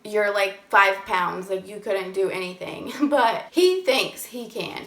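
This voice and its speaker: A woman's voice: mid-range voice, slow, a bit bright. A young woman vlogger telling a ghost story in casual chat, saying "like" constantly and swearing offhandedly. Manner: chatty, fills every phrase with "like", swears casually. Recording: echoey room.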